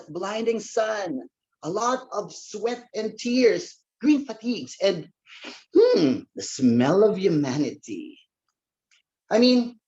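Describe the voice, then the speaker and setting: Guy doing a comedy speech, lively swooping pitch, dull muffled recording. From Philippines. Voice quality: playful, theatrical delivery. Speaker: speech contestant. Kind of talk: humorous contest speech.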